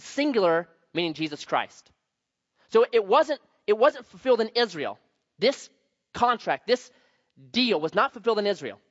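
Speaking in a high-pitched voice, a male pastor walks through scripture conversationally, telling anecdotes and hitting key words with sudden emphatic bursts and changes in volume. The recording is dry and a bit muffled.

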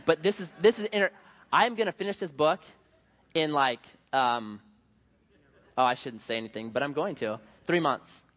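Lively man preaching in a hall. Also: fairly high pitch. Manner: conversational and jokey, with many restarts. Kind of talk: sermon. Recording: dull sound with long hall reverb.

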